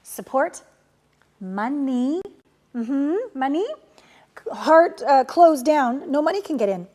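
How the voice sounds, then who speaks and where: High-voiced lady coach, blunt and casual, swears a bit, goes loud and punchy then soft and tender. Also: slow pace. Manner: emphatic and animated, swinging between loud pushes and soft, tender passages. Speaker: relationship and manifestation coach. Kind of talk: coaching course lesson.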